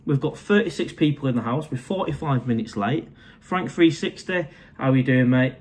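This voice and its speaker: A man's voice: mid-range voice, animated, normal speed. A man, casually chatting on a live stream from his condo, reading out viewer comments and calling everyone mate. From England.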